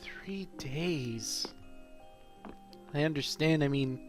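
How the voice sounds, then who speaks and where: A man's voice: fairly high pitch, very slow, soft background music. A man chatting and joking while commenting on a video game. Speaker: let's play commentator.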